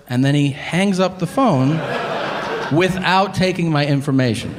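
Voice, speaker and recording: Man, stand-up comedian, animated, profane, lively delivery, long hall reverb, faint ambience. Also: medium pitch, moderate pace, noisy background. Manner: animated, profane, acts out others with grunts and flat voices. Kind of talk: stand-up storytelling. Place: comedy stage before a live audience.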